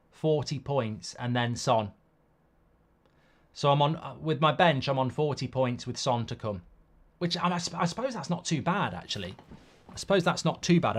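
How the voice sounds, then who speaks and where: A middle-aged man, hosting a football watchalong in a rambling, sweary, casual live-stream chat. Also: fairly high pitch.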